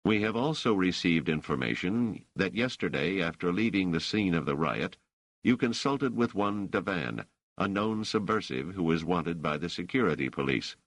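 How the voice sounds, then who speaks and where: A man voicing a stern police officer who questions suspects in a flat, probing, faintly sarcastic way. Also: low-pitched, moderate pace, dry recording, pitched above the performer's own voice. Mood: interrogating. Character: stern male police officer, coolly interrogating.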